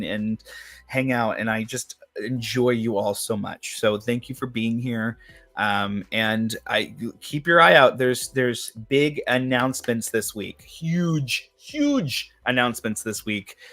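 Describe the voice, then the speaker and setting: A man's voice: on the low side, creaky, fairly bright tone. A man hosting a casual craft livestream, chatty and upbeat, rambling a little as he reads viewer comments. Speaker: host of a craft and witchcraft livestream.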